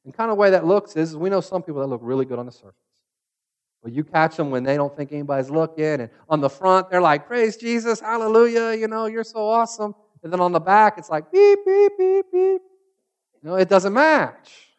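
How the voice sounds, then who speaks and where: Male pastor with a high voice; conversational sermon delivery, acts out quoted lines. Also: fast talker. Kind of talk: sermon with personal storytelling.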